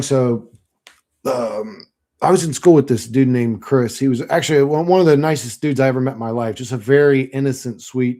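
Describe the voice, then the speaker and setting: A man's voice: medium pitch, dark tone. A man in his late thirties from Florida, talking through viewer comments in a casual, rambling monologue full of profanity and fillers. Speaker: channel host reading viewer comments.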